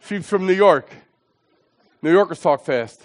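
High-voiced middle-aged man preaching, dramatic storyteller, goes from hushed to yelling. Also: a little slow. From southeastern Pennsylvania, US. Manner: animated, dramatic, swings from hushed to shouting. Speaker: evangelist preacher. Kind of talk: sermon testimony storytelling.

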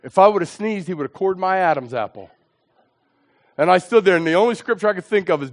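A middle-aged preacher from southeastern Pennsylvania tells his testimony with a high, bright voice. He is animated and dramatic, dropping to hushed asides and climbing to shouts. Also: quick pace. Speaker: evangelist preacher. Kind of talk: sermon testimony storytelling.

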